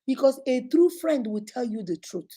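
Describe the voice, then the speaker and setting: A Nigerian woman hosting a casual vlog, telling lively stories and acting out other people's voices. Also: sits high, moderate pace, breathy edge. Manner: lively storytelling, acts out other voices, exclaims. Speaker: online influencer host.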